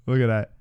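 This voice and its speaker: A man's voice: extremely high pitch, pushed and bright. A man hosting a casual live stream, teasing his co-host and laughing with profane banter.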